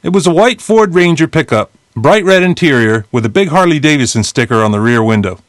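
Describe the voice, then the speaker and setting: A man in his fifties from New Jersey, reading his own memoir as an audiobook in a blunt, lively storytelling way with casual swearing. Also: fairly high pitch, brisk, dry recording, clean studio sound. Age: 50s. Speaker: memoir narrator.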